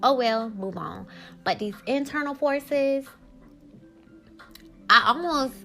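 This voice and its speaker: A woman's voice: sits high, lively intonation, slow pace, creaky, long pauses, bright, forceful tone, faint music behind. A woman hosting a solo podcast who talks in a candid, emphatic, rambling way. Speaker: podcast host.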